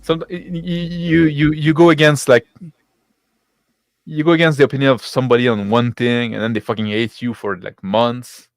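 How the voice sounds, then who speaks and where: A man with a non-native English accent chats casually as a stream host, laughing and swearing freely. His voice sits in a middle pitch and is recorded close and dry, with no room sound. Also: flat delivery, normal speed, no echo. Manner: laughing, loose and profane.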